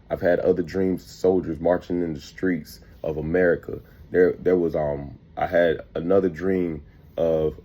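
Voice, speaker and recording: Low, dark-voiced man recounting dreams. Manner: earnest, repetitive, quoting voices in his dreams. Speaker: preacher sharing dreams. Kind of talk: spoken testimony of prophetic dreams.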